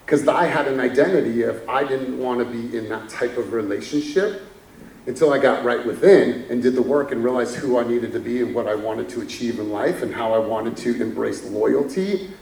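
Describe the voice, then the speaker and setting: A man's voice: mid-range voice, creaky, darkish tone, distant mic, slight background noise. A man giving a candid motivational talk from a conference stage, chuckling as he tells stories. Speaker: keynote speaker. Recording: echoey hall from afar.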